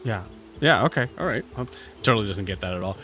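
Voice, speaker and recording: A man running a tabletop game as game master, describing items in halting, filler-heavy casual speech. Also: on the low side, lively intonation, pushed and bright, faint music behind.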